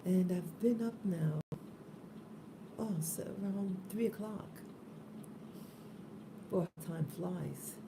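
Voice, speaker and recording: A woman hosting an early morning spiritual live stream, soft-spoken and drowsy, just woken up, talking into a phone held close in a room with an open window. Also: lowish voice, slow pace, gravelly, long pauses, background noise.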